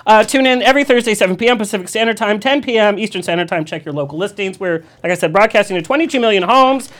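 A man's voice: high-pitched, quick pace, a bit bright. A man hosting a live radio show, reading plugs in a campy, joking way.

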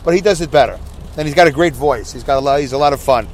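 A man's voice: on the high side, fast talker. A man hosting a podcast, rambling casually with lots of fillers and self-mocking asides, recorded in his car on a rainy drive. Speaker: podcast host. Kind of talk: casual monologue while driving. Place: inside a car on a rainy highway. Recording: recorded in a moving car, faint road noise. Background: rain and road noise.

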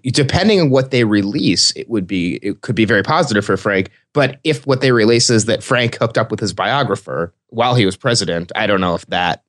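A man co-hosting a casual TV recap podcast, animated and quoting characters. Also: on the low side, brisk, few pauses. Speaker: podcast co-host.

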